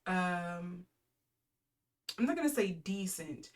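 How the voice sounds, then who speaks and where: A woman's voice: medium pitch, normal speed. A woman in her thirties giving a casual intuitive tarot reading. She rambles with lots of fillers and reels off lists of card keywords. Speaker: tarot reader.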